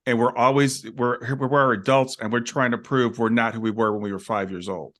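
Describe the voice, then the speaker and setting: A man's voice: medium pitch, steady tone, a little fast, fairly bright tone. A man hosting an interview, agreeing and reflective. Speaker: host. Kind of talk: conversational interview.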